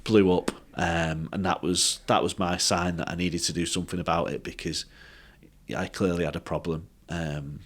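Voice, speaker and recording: A man telling a personal story as a podcast guest, halting and full of fillers and restarts. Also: low-pitched, little pitch movement. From England.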